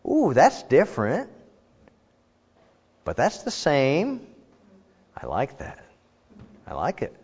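A man's voice: wildly swooping pitch, takes it slowly, pauses often, full character voice. A man voicing the biblical first man as a wry, picky judge, musing with comic rising inflections. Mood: delighted. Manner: musing, mock-judging with higher comic inflections. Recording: echoey hall, dull sound.

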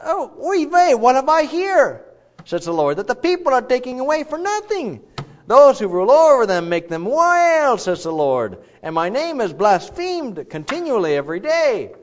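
A man voicing the Lord as a lamenting old man, exclaiming in a high, theatrical voice. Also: very animated, normal speed, hardly any pauses. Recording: dull lo-fi recording.

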